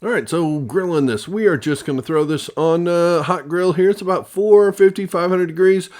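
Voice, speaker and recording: A man's voice: high voice, normal speed, a little mellow. Male home-cooking host, casual demo delivery, wisecracking asides, echoey room sound. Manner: jokey, rambling, chatty asides.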